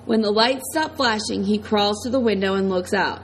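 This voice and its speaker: A woman's voice: mid-range voice, moderate pace, few pauses, slight background noise, low-quality recording. Woman narrating an audiobook. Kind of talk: first-person audiobook narration.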